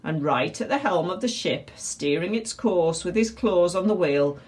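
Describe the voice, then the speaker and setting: Woman reading a kids picture book aloud, super animated, voice going up and down. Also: fairly low pitch, normal speed. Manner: expressive, animated. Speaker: storyteller.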